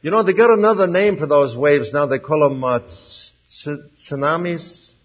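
Husky folksy preacher, dull recording. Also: male voice, lively intonation, a little fast. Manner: folksy, swinging from loud emphasis to low asides. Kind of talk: sermon.

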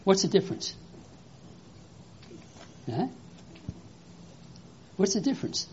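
Animated preacher quizzing children. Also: mid-range voice, slow pace, muffled recording, slight background noise. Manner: animated, exclamatory, asks children questions. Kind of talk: children's sermon with object lesson.

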